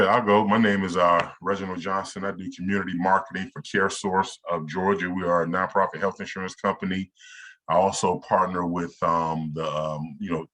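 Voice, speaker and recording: Deep-voiced man on a webinar call. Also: fairly bright tone. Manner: upbeat, halting with fillers. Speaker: community marketer, co-host. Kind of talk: casual webinar chat. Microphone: video call.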